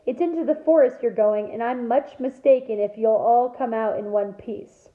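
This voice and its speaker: A woman's voice: on the high side, normal speed, lightly acted. A woman reading aloud and voicing a nasty, gloating old male caretaker who sneers as he speaks, in an echoey room heard over a thin, phone-like line.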